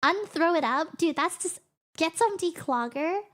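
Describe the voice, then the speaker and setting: A woman's voice: very high voice, animated, measured pace, a bit bright. A young woman live-streaming in casual chat, giggling often and breaking off mid-sentence.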